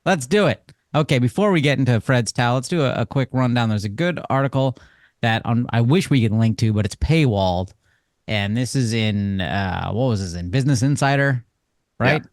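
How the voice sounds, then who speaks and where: A man's voice: mid-range voice, animated, moderate pace, dry recording. Wisecracking man on a dry mic. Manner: joking, sarcastic asides. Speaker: podcast co-host. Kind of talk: casual podcast chat.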